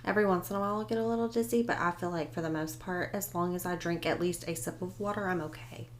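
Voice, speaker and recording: A woman's voice: lowish voice, steady tone, fast talker, slight background noise. A woman co-hosting a casual chat podcast, talking freely and quoting her own thoughts aloud. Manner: chatty, quotes her own thoughts, laughs easily. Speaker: podcast co-host.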